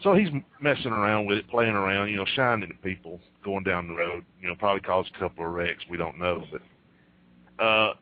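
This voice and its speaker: Laid-back man on a dull line. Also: sits low. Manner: laid-back, many "uh" pauses. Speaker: guest wrestler. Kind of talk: casual storytelling.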